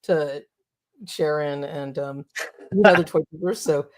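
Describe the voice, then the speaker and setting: A woman's voice: sits low, a little slow. A woman co-hosting a casual chat, talking with enthusiasm and many fillers. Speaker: co-host of toy show.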